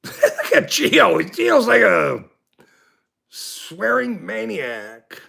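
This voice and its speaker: A middle-aged man hosts a casual livestream in a slow, rambling rant, indignant and quick to laugh. His voice sits unusually high and sounds very gravelly, with a bright edge. His pitch swings widely as he goes. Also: wildly swooping pitch. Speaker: livestream host.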